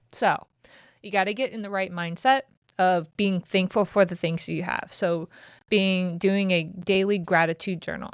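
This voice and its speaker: A woman's voice: lowish voice, smooth, dry recording, clean studio sound. A woman in her thirties hosting a podcast, talking casually and bluntly, swearing freely as she gives self-help tips. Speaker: podcast host.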